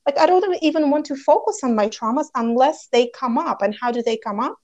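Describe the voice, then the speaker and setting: A woman with a Russian native tongue talks through a casual podcast conversation. Her voice sits a little high, and she slips into quick dramatized voices. She keeps the tone earnest and searching. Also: darkish tone. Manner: earnest, acts out quoted voices, frequent fillers. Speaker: podcast co-host.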